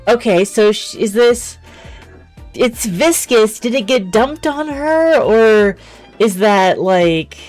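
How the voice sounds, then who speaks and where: A woman's voice: on the high side, expressive, slow, a little mellow, faint music behind. Chatty woman streamer musing aloud. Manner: chatty, hesitant asides. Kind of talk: casual game commentary.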